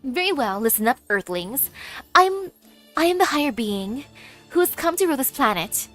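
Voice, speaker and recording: A haughty would-be ruler of the planet from a game, as a woman reads her part, high-pitched and grandly pompous. The delivery stays close to the reader's own voice, with faint music under it. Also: very animated, moderate pace, fairly bright tone. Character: haughty self-styled alien ruler, young woman. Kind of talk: reading game dialogue aloud.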